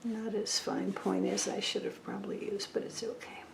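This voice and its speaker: A woman's voice: mid-range voice, big pitch swings, normal speed, creaky, echoey room, background noise. A woman explaining her painting step by step as she works, thinking aloud and often dropping to a near whisper. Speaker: painting instructor. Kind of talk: casual tutorial narration while painting.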